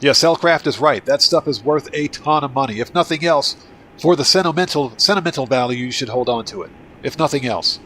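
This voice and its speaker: Hosting a gaming livestream, this man from Baltimore, Maryland, speaks in a mid-range, slightly bright, expressive voice at a brisk pace. He has a Northeastern American accent and chats casually, often restarting as he answers viewers, with slight background noise.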